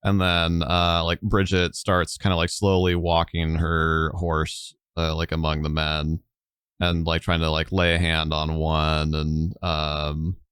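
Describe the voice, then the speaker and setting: A man's voice: a bass voice, completely flat delivery, slow pace, a bit bright, smooth, no room sound, clean studio sound. A man narrating a tabletop game as game master, rambling with many fillers.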